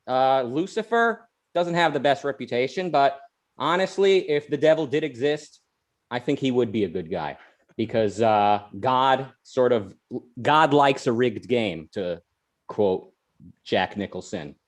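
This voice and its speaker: A man's voice: medium pitch, lively intonation, unhurried. A man hosting a podcast, talking in a chatty, rambling way full of restarts and side tangents. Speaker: podcast host. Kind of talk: casual podcast chat.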